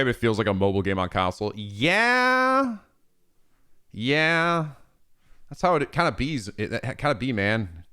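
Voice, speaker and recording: A streamer with a fairly low, clear, resonant voice chats casually while reading viewer messages. He answers with laughter, frequent profanity, and an animated energy.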